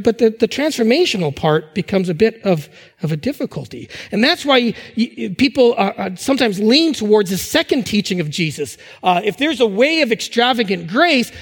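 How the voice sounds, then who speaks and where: High-voiced pastor preaching in a hall. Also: male voice. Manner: conversational, repeats words, restarts phrases. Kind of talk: sermon.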